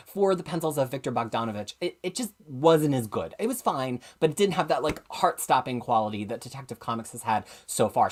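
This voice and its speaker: A woman with a very low voice hosts a live comics review show. Her pitch moves a lot as she chats, and she talks with eager enthusiasm, stopping to correct herself mid-sentence. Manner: chatty, enthusiastic, self-correcting. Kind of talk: live-streamed casual review.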